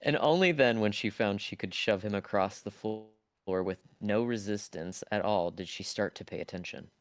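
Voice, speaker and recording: A man with a very low voice reads a classic novel aloud for his livestream, stumbling over wording and restarting lines now and then. He is recorded close to the mic, so the sound is completely dry, with no room echo at all. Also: flat delivery, normal speed. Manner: casual reading with stumbles and blunt asides. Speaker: streamer.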